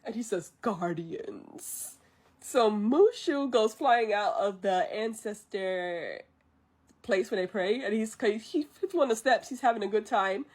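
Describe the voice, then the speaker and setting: A woman vtuber retelling a movie on a live stream, chatty and animated with frequent laughs. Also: medium pitch, a little slow.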